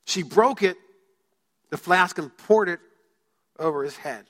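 Bright high-voiced male pastor preaching. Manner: joking with the congregation, dramatic pauses. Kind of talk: sermon. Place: church sanctuary. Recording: long hall reverb.

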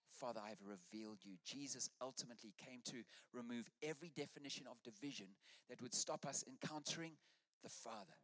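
A man's voice: mid-range voice, fairly bright tone, long reverb tail. An Australian man preaching a sermon to his church, rousing and urging the congregation on. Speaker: pastor.

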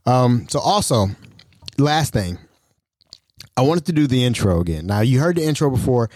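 A man's voice: mid-range voice, very animated, moderate pace, a little mellow, dry recording, studio quality. A man hosting his own podcast in casual solo talk, rambling and self-mocking, laughing often. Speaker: podcast host.

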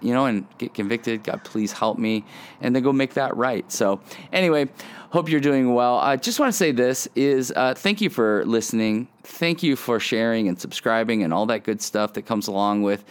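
A man's voice: mid-range voice, animated, normal speed, clean tone. A man hosting a casual devotional podcast from his front porch, earnest and reflective in a conversational way. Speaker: podcast host.

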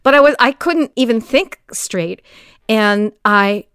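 A woman's voice: a little high, slow pace, clear, resonant tone, no echo. Older woman interviewer, dry sound. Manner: animated, vivid storyteller. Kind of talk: conversational interview.

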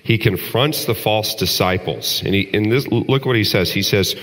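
A man's voice: fairly low pitch, moderate pace, few pauses, fairly bright tone, big-room sound. A man preaching a sermon in an earnest style that builds to emphatic peaks. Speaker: pastor.

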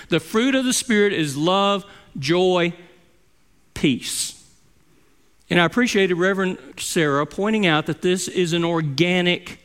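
A middle-aged man preaching a sermon as pastor, rising to loud emphasis and dropping to soft, hushed quotes. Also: high voice. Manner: expressive, with swings between loud emphasis and soft near-whispered quotes.

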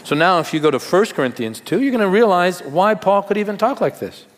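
A man's voice: high-pitched, animated, brisk, long reverb tail. A male pastor giving a sermon in a conversational way, with rhetorical questions and humor.

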